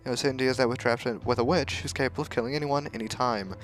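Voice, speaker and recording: A man's voice: mid-range voice, fairly even intonation, very fast, soft background music, close to an everyday voice. A man voicing a serious, determined teenage girl who speaks urgently.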